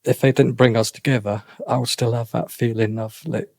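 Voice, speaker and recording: Middle-aged man, interview guest; halting, restarts a lot, dry close mic. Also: medium pitch, fairly even intonation, gravelly, darkish tone, no room sound. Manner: halting, repeats himself, many restarts. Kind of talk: emotional personal account.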